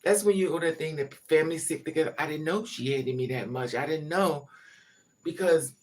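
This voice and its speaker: A man's voice: on the high side, fairly quick. Blunt, profane storytelling man. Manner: blunt, profane and emphatic, with frequent rhetorical asides. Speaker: vlogger. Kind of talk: candid personal storytelling monologue.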